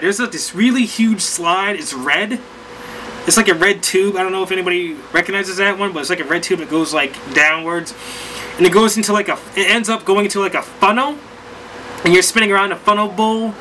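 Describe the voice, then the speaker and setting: Male vlogger, high and sharp-toned, animated rambling storyteller. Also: fairly quick, a little hiss or hum, rough recording. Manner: rambling, animated, lots of fillers. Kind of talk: casual storytelling recap.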